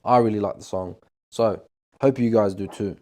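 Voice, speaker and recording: A young man, chatting to camera about his music in a jokey, animated way, sometimes breaking into song. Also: lowish voice, normal speed. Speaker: musician and vlogger. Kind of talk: casual storytelling to camera.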